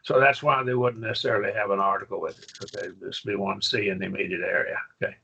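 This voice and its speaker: A man's voice: on the low side, steady tone, fast, vocal fry, bright, forceful tone, muffled recording, a little hiss or hum. A man teaching a Greek grammar class, patiently quizzing his students with questions. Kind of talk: classroom lesson.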